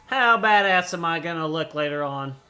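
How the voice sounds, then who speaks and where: A man chats casually over his video game playthrough and keeps cracking jokes as he goes. His voice is somewhat high and bright, with a forceful edge. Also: expressive, moderate pace. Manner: jokey and playful, laughs often. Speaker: let's-play host.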